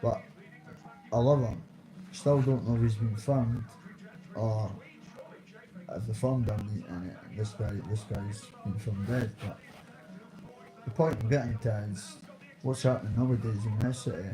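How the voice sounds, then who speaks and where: A man's voice: lowish voice, unhurried, long pauses, warm tone, poor audio. A man in his thirties with a Dundee Scottish accent, rambling through casual street stories in slang with swearing. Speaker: vlogger.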